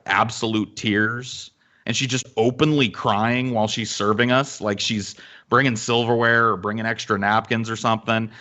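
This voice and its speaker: A man hosting a podcast, telling a story in a casual, animated and profane way with lots of fillers. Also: on the low side, dull audio. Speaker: podcast host.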